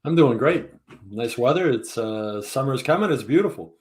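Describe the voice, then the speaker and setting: Guest, male, relaxed and matter-of-fact, slightly husky. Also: mid-range voice, normal speed. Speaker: newspaper columnist guest. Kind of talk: casual conversation.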